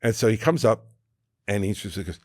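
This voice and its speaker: New man in his sixties, podcast guest, a lively raconteur who does the voices, lowish pitch, dry close sound. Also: normal speed, no room sound. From New Jersey, USA. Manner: animated anecdote teller who acts out quoted people, with frequent restarts. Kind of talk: casual storytelling in conversation.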